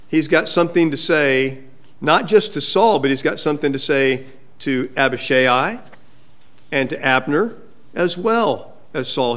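High-voiced preacher asking rhetorical questions. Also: male voice, fairly bright tone. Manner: asks the congregation rhetorical questions. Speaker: pastor. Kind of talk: sermon.

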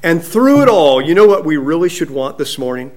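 A male pastor preaching a sermon to his congregation, slow and deliberate, rising in emphasis as he reads scripture. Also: a little high, sing-song.

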